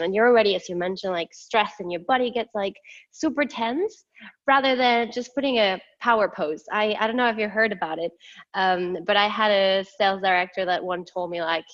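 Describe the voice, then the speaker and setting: A woman's voice: medium pitch, brisk. A woman hosting a podcast interview, talking casually with many fillers and quoting others. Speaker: podcast host. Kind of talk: conversational interview. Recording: dull, lo-fi sound.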